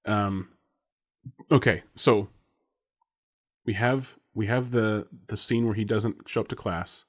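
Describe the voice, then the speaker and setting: A man's voice: on the low side, steady tone, slow. Rambling, laughing male podcast co-host. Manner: rambling, laughs often, speculative. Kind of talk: casual chat.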